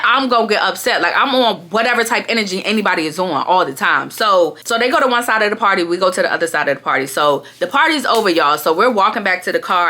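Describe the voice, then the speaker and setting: A young woman vlogger telling a story to her viewers in a casual, animated and profane way. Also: mid-range voice, fast talker, few pauses.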